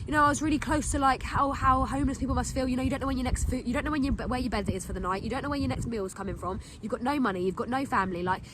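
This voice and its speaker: A young woman with a high, bright voice tells a story at a quick clip. She is chatty and emotional, packing in "like" and "literally." A faint hum of room sound sits behind her. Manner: chatty, gushing, full of "like" and "literally"; emotional, heartfelt. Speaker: podcast host. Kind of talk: casual storytime monologue.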